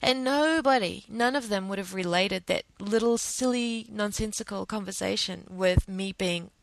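Gravelly woman telling an emotional story. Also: mid-range voice, moderate pace, no room sound. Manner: emotional, hesitant, many restarts. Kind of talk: personal storytime monologue.

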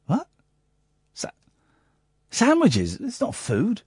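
A man hosts a late-night radio show from the studio, delivering a rambling, sardonic monologue punctuated by bursts of mock outrage. His medium-pitched voice is very animated and a little slow. The studio microphone captures studio-quality sound with no room sound.

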